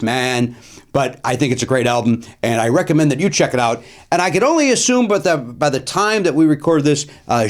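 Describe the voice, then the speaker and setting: A man with a mid-range voice, working as a comedian host, shares an offhand anecdote. He's animated, repeats phrases, and fills gaps with lots of "uh."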